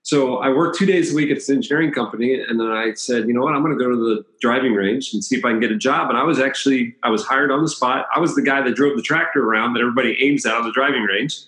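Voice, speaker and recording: A man's voice: medium pitch, quick pace, hardly any pauses, a bit bright. A man from the Washington, D.C. area who works as a chiropractor, telling casual, anecdotal stories in an interview and laughing between them. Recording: roomy echo.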